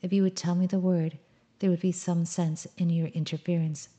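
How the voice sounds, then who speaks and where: A woman's voice: fairly low pitch, flat delivery, moderate pace, dark tone, natural voice. A woman voicing a curious, touchy little boy who is puzzled and a bit petulant.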